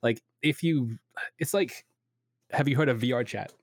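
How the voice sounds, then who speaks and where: A man's voice: mid-range voice, moderate pace, no echo, clean studio sound. A man in casual chat who rambles with lots of "like" and "you know", enthusiastically giving advice as a podcast co-host.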